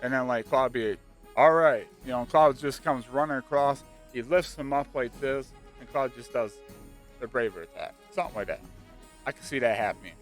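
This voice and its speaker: A man chatting casually and excitedly about a video game, rambling with lots of fillers. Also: medium pitch, fairly quick. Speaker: gaming channel host. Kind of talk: casual speculative chat. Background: faint background music.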